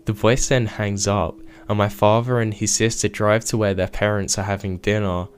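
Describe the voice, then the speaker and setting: A man reading true scary stories aloud as a narrator, in a steady, measured way. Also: fairly low pitch, slight background noise. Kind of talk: scripted narration.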